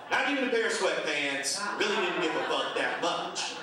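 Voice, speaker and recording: Profane, grumpy stand-up comic, echoey room. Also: male voice, high-pitched, lively intonation, normal speed, hardly any pauses, distant mic, a crowd in the background. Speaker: stand-up comedian. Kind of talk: stand-up comedy set. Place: comedy club stage at a memorial show.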